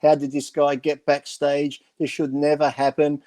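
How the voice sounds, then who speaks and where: Animated man telling stories. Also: fairly high pitch, normal speed. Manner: animated storyteller acting out quotes, swears freely. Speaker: bodybuilding radio show regular. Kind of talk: casual chat, storytelling.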